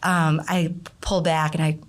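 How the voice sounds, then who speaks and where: A middle-aged woman, a guest in an interview, telling a personal story in a casual, animated way, her voice leaping up when she acts out what people said. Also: low voice, measured pace. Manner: animated storyteller, voice jumps up for quoted outbursts. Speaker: interview guest, nonprofit founder.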